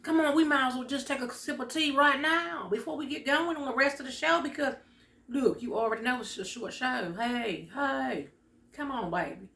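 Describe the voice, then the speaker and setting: A woman's voice: high-pitched, normal speed, creaky, a bit bright. Chatty woman in an echoey kitchen. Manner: chatty, talks straight to viewers, folksy. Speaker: vlog host. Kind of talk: casual chat to camera. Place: home kitchen.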